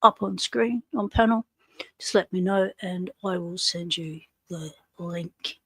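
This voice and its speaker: Australian woman, livestream host, slow unhurried delivery, dry close sound, greets viewers casually. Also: on the low side, fairly bright tone, breathy edge, no room sound. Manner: greets chat viewers one by one, friendly slang.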